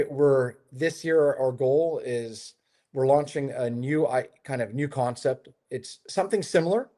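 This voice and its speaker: A man of middle pitch speaking as a guest on an interview call, relaxed and chatty. He rambles through his stories with plenty of ums, you-knows and restarts. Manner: chatty storyteller, many fillers and restarts. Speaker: hotel developer, interview guest. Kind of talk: casual conversational interview. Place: his home in Lisbon.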